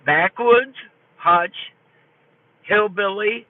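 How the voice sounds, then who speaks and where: A woman's voice: mid-range voice, drawn-out words, dry recording. Folksy older woman, tinny phone audio. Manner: animated, folksy storyteller. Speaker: live streamer. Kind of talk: casual storytelling to a live chat.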